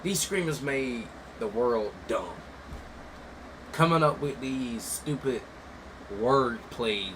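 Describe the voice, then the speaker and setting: A man rants in blunt, mocking commentary, jumping from loud outbursts to low mutters. His voice sits mid-range. A steady air conditioner hum runs clearly under the recording. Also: takes it slowly. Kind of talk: casual ranting commentary.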